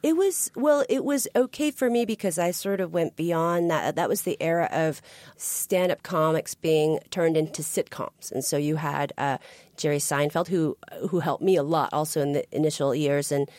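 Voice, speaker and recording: Low-voiced woman comedian chatting. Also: moderate pace, dry recording. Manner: chatty and warm, laughs easily. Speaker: comedian, interview guest. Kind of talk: casual interview chat.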